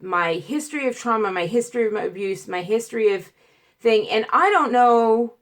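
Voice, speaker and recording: A woman vlogger telling a story in a casual, animated way, acting out quotes, stuttering and restarting as she goes. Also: on the high side, normal speed. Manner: animated, acts out quotes, grows loud and emotional.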